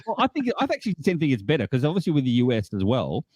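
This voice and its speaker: A man's voice: medium pitch, wildly swooping pitch, rapid-fire, darkish tone, breathy edge, no room sound, dull audio. A man co-hosting a casual podcast chat, joking and laughing often. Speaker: podcast co-host.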